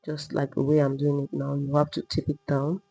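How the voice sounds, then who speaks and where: A woman teaching a step-by-step sewing tutorial, calmly talking through each move while she drafts and cuts a pattern. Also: low voice, fairly quick, gravelly, husky, low-quality recording. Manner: patient, repetitive demonstrating, talking while working. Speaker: sewing instructor.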